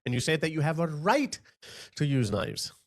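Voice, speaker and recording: A man's voice: a little high, sing-song, moderate pace. A man giving blunt, sarcastic commentary on video clips, mocking what he shows. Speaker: political commentator.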